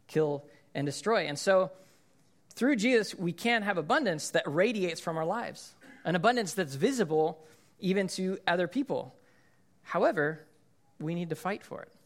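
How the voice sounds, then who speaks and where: A man in his thirties, the lead pastor, preaching a sermon and telling a funny story in an animated way. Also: sits high. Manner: animated storyteller, shouts in acted-out quotes.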